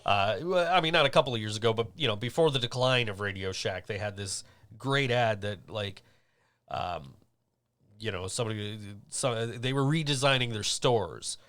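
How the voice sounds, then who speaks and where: A man's voice: on the low side, normal speed, a bit bright. A man hosting a podcast, telling stories in a rambling, casual way with lots of fillers. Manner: rambling, chatty storytelling with many fillers. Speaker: podcast host. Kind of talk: casual chat.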